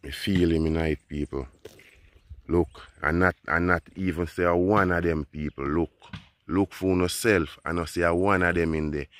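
A Jamaican man with a very deep voice gives a relaxed walk-and-talk tour of his farm. He speaks in a loose, chatty way, often turning to the viewers with "you know, people." He is recorded outdoors, and animals can be heard now and then behind him. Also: normal speed, no echo. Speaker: farmer.

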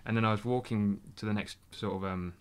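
A man's voice: lowish voice, fairly quick, clean tone. A young man telling travel stories as a podcast guest. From Britain. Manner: animated anecdote-telling. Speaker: podcast guest, round-the-world scooter traveller. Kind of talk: casual interview storytelling.

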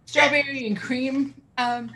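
This co-host of a vaping livestream is a middle-aged woman whose high voice stays fairly even in intonation, sounding sharp and slow. Her talk is casual and rambling, punctuated by frequent laughter and easy tangents.

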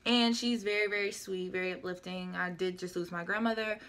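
Young female vlogger, bright gravelly voice, loose rambling product chat. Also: lowish voice, fairly even intonation, fairly quick. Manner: rambling, chatty, self-correcting. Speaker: beauty vlogger. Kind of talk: casual product review chat.

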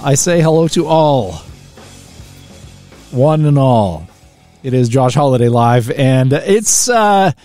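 A man's voice: on the high side, a little mellow, no room sound, studio quality. A man hosting a live talk radio show, chatting casually and joking, with lots of fillers and restarts. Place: radio studio.

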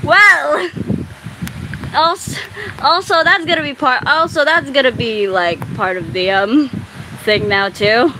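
Giggly high-voiced young woman. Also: takes it slowly. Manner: giggly, rambling, swears a lot. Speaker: streamer chatting with friends. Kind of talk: casual chat. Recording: noisy background.

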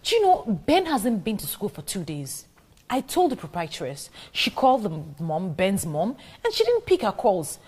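A woman's voice: mid-range voice, wildly swooping pitch, normal speed, a little mellow, far from the mic. A young woman playing a determined schoolteacher who speaks firmly and confronts people head on. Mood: insistent. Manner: firm, confrontational. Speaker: teacher. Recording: noisy background.

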